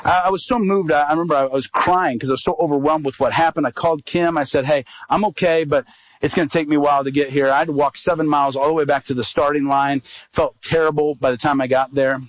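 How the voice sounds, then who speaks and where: Evangelist guy preaching a story, kinda high voice, acts out all the lines, super dry close sound. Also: quick pace, no echo, rough recording. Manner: animated storyteller, acts out quoted dialogue. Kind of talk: sermon storytelling.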